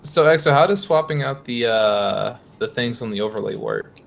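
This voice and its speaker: Jokey guy co-casting a card game, super animated voice. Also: mid-range voice, normal speed, gravelly. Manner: playful, jokey, asks questions. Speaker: esports co-commentator. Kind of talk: casual live game commentary.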